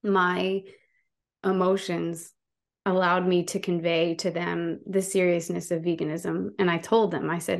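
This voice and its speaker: A woman's voice: on the low side, level tone, unhurried, creaky. A woman, a guest activist, talking passionately in a casual interview and telling stories with frequent restarts.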